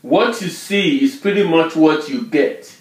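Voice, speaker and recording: A man teaching a language lesson, drilling syllables and tones slowly and patiently. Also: on the high side, roomy sound. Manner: drills syllables and tone names, repeating words slowly. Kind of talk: slow, patient pronunciation lesson.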